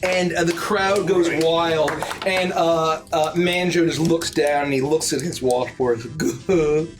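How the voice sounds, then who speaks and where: Animated male game master narrating. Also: fairly high pitch, slow. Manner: filler-heavy, animated narration.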